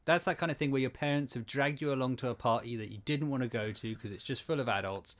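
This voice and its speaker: A man's voice: medium pitch, fast talker. A man co-hosting a podcast, telling sweary, joking stories in casual banter. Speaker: podcast co-host.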